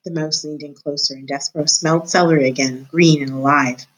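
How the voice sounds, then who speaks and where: A female teacher reads a children's book aloud, telling the story clearly, expressively, and at a measured pace. Her voice is slightly low, and the recording is rough.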